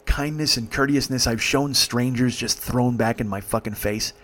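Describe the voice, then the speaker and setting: A man's voice: medium pitch, moderate pace, a bit bright. Middle-aged male host, emphatic profane storyteller, mid-range voice. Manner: emphatic, heavy swearing, vivid retelling.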